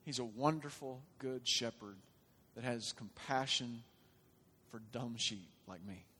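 A man preaching a sermon, shifting from quiet, conversational talk to loud, impassioned urging. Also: medium pitch, unhurried, husky. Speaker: pastor. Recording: long reverb of a large hall.

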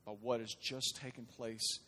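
A man preaching a sermon, shifting from quiet, conversational talk to loud, impassioned urging. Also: medium pitch, level tone, a little slow, slight background noise. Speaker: pastor. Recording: long reverb of a large hall.

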